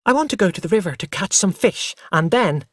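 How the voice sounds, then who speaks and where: A storyteller voicing an eager, jealous small boy who asks questions in a high, insistent voice. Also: expressive, fairly quick, a little hiss or hum, lightly acted. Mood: demanding.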